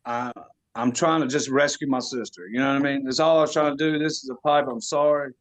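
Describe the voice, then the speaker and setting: A man's voice: mid-range voice, fairly even intonation, quick pace. A man, a podcast guest telling a story in casual slang, laughing as he goes.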